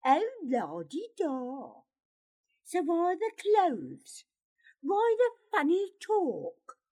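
A woman's voice: high voice, big pitch swings, slow pace, warm tone, breathy edge, heavily acted. A woman voicing an angry, distrustful boy who sneers and accuses. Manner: scornful, sneering.

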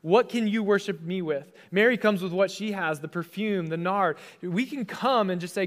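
A man's voice: high voice, moderate pace, few pauses. A young adult man, a pastor, giving a conversational sermon and casually acting out the voices he quotes.

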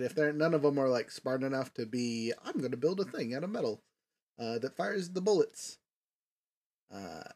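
A man hosting a casual tabletop gaming podcast, rambling with many fillers. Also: mid-range voice. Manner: rambling, filler-heavy, lively. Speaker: podcast host. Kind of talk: casual chat.

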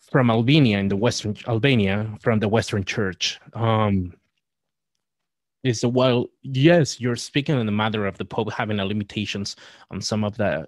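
A man appearing as a podcast guest, talking in a halting, scholarly way with frequent restarts. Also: lowish voice, darkish tone, dry recording. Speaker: guest, Catholic writer and presenter. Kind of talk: podcast discussion.

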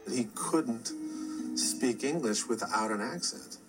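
A man's voice: medium pitch, poor audio. Firm male expert over music. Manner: firm, certain, measured. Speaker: expert interviewed in a documentary. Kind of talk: documentary interview clip. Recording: documentary clip with music underneath.

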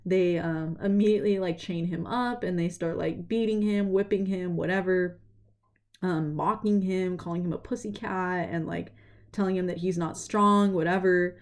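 A woman's voice: fairly low pitch, steady tone, normal speed, darkish tone. A woman casually retelling a story in a rambling way, leaning on "like" and "you know", earnest and reflective. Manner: chatty, rambling, heavy use of "like" and "you know".

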